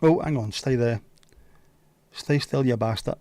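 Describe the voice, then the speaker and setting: A man hosts a casual livestream, answering viewers with sweary jokes and quick asides. His voice sits at an ordinary middle pitch. The sound is close and dry, with no room echo. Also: mellow. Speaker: livestream host. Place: home livestream setup.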